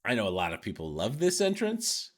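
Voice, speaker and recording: A man's voice: medium pitch, huge pitch swings, a little fast. A man co-hosting a casual wrestling chat, speaking earnestly and a bit hesitantly. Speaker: podcast co-host.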